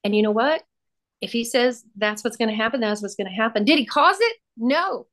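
A woman's voice: a little high, lively intonation, fairly quick, a bit bright. A woman sharing her testimony as a podcast guest, fervent and emphatic, repeating key phrases for weight. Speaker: podcast guest, prayer ministry founder.

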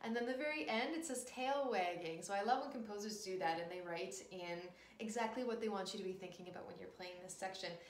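Young female piano teacher, upbeat mini-lesson delivery, mid-pitched voice, echoey room. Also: fast, hardly any pauses. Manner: upbeat, encouraging, talks to the student directly.

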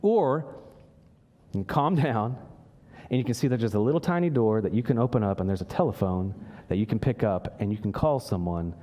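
A man's voice: animated, a little fast, warm tone. A pastor preaching a sermon in a church, earnest, with his voice rising when he acts out a prayer. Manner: earnest, voice lifts high when acting out prayers.

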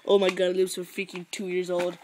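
A woman's voice: fairly low pitch, level tone, moderate pace, darkish tone, slight background noise, rough recording. A woman chatting casually and goofily, exclaiming a lot and swearing. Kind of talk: casual chat.

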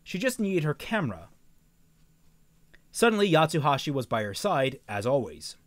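Young male streamer reading a book aloud, lively sing-song pitch, dry close sound, trips over lines and adds joking asides. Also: moderate pace, no echo. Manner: stumbles and rereads phrases, breaks off to comment.

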